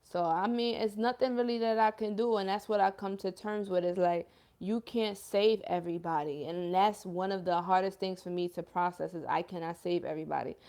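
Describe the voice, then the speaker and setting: A woman's voice: lowish voice, steady tone, brisk, a little mellow. Emotional young woman on a livestream. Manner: earnest and emotional, slangy, often says "yo" and "y'all". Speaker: livestream host and self-described healer. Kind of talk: emotional casual livestream chat, reading viewer comments.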